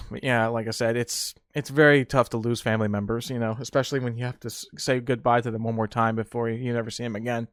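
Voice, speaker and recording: A man's voice: mid-range voice, level tone, quick pace, dry recording, studio quality. A young man hosting a casual solo podcast, telling rambling stories with laughter and restarts. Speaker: podcast host.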